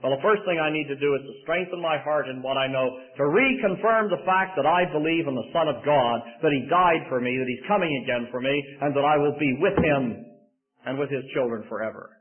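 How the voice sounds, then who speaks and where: A man's voice: fairly high pitch, fairly quick. A middle-aged man preaching a sermon in an earnest way that rises to emphatic bursts. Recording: tinny phone-like sound.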